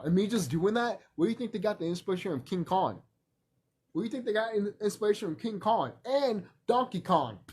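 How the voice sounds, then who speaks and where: A man vlogging in a rambling, profane casual monologue, animated and laughing often. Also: high voice, a little hiss or hum.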